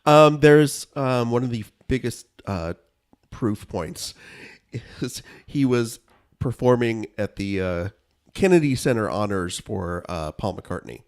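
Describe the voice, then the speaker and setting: A man in his thirties co-hosting a podcast in casual, animated banter, jumping up in pitch when he quotes himself. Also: slow, clear, resonant tone. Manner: animated, mock-conspiratorial, jumps pitch when quoting himself. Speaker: podcast co-host.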